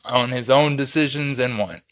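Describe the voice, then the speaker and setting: A man's voice: mid-range voice, normal speed, a bit bright, dry recording, clean studio sound. A man hosting a casual interview, loose and conversational, often repeating himself. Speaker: interview host.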